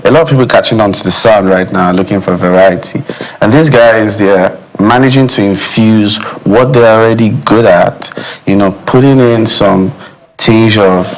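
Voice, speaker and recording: A man's voice: fairly low pitch, a little hiss or hum, low-quality recording. A man, a music critic guest on a studio morning show, speaking thoughtfully and filling gaps with "you know". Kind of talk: studio discussion. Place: television studio.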